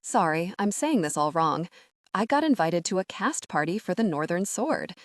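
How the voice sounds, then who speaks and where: A woman's voice: lowish voice, big pitch swings, normal speed, dry recording, clean studio sound. A woman voicing an easygoing young hockey player. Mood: reassuring.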